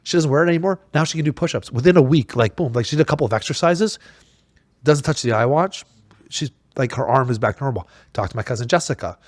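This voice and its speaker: A man hosting a casual podcast chat, telling stories in an animated, emphatic way with many restarts. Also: mid-range voice, quick pace, no echo. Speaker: podcast host.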